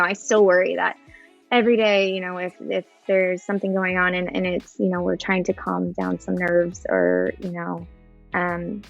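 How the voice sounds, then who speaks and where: Woman in her thirties, gravelly voice, podcast chat, dull lo-fi sound, faint music. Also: on the low side. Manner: thoughtful, many fillers and restarts. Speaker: podcast guest.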